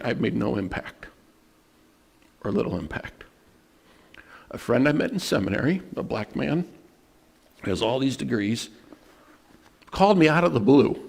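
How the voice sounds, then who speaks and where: A man preaching a sermon as pastor, telling personal stories in an earnest way and slowing down to stress scripture. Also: medium pitch, big pitch swings, vocal fry, husky. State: emotional at moments.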